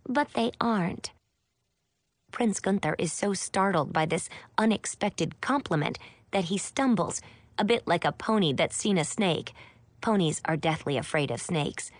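A woman's voice: on the low side, animated, moderate pace, no room sound. Woman narrating a chatty audiobook. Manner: chatty, wry storytelling. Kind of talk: scripted first-person audiobook narration.

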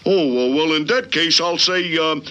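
A man's voice: on the high side, normal speed, bright, forceful tone. An actor voicing a goofy, good-natured little caveman husband on a cartoon game show, chuckling and dopey.

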